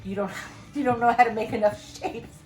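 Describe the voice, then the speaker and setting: A woman's voice: a little high, steady tone, fairly quick, a little mellow, pitched above the performer's own voice, lightly acted, poor audio. Woman quoting a teasing old nonna. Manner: fond, matter-of-fact teasing.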